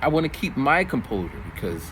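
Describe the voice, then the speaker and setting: A man in his forties, a middle school teacher, telling stories from his week in a casual, animated way. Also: brisk, a little hiss or hum. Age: 40s. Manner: animated, jumps into high voices for quoted kids. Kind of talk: casual storytelling vlog.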